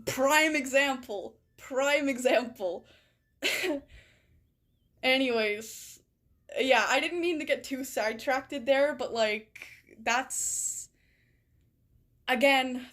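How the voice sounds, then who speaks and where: A streamer with a rather high, fairly bright voice chats casually while reading viewer stories aloud. She rambles, sprinkling in lots of "like" and "right?" asides, and swears freely.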